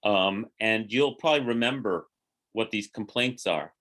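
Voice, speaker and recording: A middle-aged rabbi teaching an informal Torah class, telling the story with lively, acted-out quotes. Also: male voice, on the low side, unhurried. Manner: animated storyteller, acting out quotes in lively voices.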